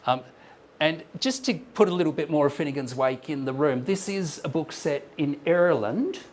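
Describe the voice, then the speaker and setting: A man's voice: on the high side, moderate pace, a little hiss or hum. Man giving an academic paper talk. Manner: thoughtful, explanatory, with frequent ums and restarts. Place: lecture room with slides on a screen.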